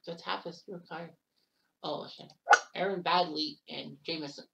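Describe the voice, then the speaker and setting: A woman casually calling the shots in a golf video game, chatty and quick to blurt out exclamations. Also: low-pitched, steady tone, creaky. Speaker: game commentator. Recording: distant mic with loud background noise.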